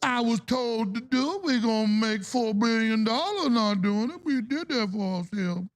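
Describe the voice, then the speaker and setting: A man doing a mock impression of a smug male oil company executive with a Cajun accent, in a gravelly, drawling voice. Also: very high-pitched, lively intonation, moderate pace, dry recording, pitched above the performer's own voice.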